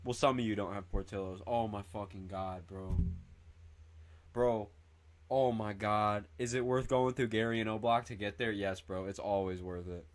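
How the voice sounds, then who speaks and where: A young male streamer from northern Indiana goes through viewer comments in a casual livestream chat, rambling excitably. He swears a lot and says "bro" constantly, his lowish voice held to a moderate pace.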